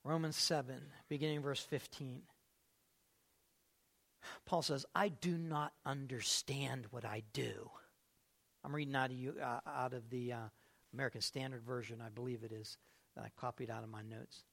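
In a flat delivery from a mid-range voice, a man preaching as pastor questions his congregation, alternating between booming, stretched-out phrases and quiet ones.

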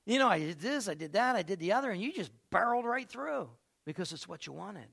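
A man's voice: high voice, very animated, quick pace, gravelly, fairly bright tone, husky, heavily acted. A man voicing an exasperated God, fed up with being ignored.

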